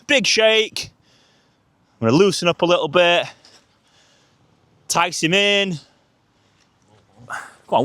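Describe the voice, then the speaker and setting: A man training a dog, explaining a tug game to viewers between sharp calls to the dog. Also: high voice, a little hiss or hum. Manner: energetic, coaching, calls sharp cues to the dog.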